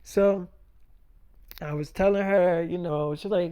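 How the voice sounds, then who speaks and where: Mellow-voiced man telling a rambling story. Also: high-pitched, fairly even intonation, unhurried, pauses often, clean tone. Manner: rambling, full of "I'm like" and "she's like". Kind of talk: casual spoken story.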